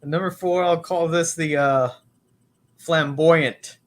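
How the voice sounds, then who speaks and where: A man's voice: on the high side, fairly even intonation, takes it slowly, a little hiss or hum. A man co-hosting a casual comedy podcast, joking around and slipping into silly impressions. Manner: jokey, slips into silly impressions. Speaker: podcast co-host.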